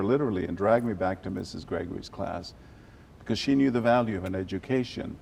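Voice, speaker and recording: Gravelly older man telling stories. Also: low voice, fast, slight background noise. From South Texas. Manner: animated storyteller, switches to Spanish phrases. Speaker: journalist guest. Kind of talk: storytelling interview.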